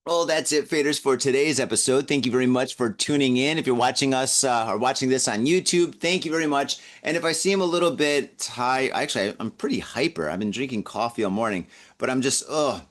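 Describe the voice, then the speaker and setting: A man's voice: mid-range voice, fairly quick, few pauses. A jokey man in his forties hosts a casual news podcast, hungover and full of laughing asides. He chats loosely between stories. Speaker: podcast host.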